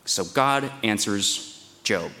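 A man's voice: fairly low pitch, expressive, slow pace, pushed and bright, a little hiss or hum. A man preaching through scripture, reading verses and acting out the speaker's pleas in a raised, dramatic voice. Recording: long hall reverb.

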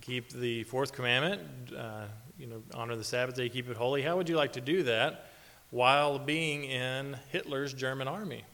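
A man preaches in an easy, conversational way, pausing on fillers and chuckling now and then. His mid-range voice carries a long reverb from a church sanctuary. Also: mid-range voice, fairly bright tone. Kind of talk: sermon.

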